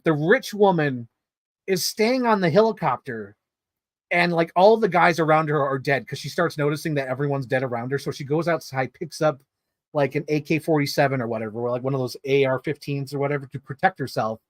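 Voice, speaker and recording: A man casually reviewing movies in a vlog, telling stories in an excitable, rambling way full of swearing and filler words. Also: fairly high pitch, a little fast, dry recording, studio quality.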